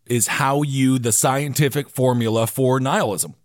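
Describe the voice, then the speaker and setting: A man hosting a casual political podcast, animated and swearing freely. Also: mid-range voice, moderate pace, no room sound. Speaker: podcast host.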